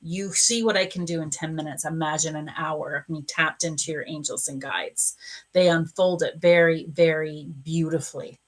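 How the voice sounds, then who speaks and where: A woman psychic medium gives a card reading on a live stream, speaking to a viewer in a gushing, emotional, warm-hearted way. Her voice sits low, with fairly even intonation and normal speed.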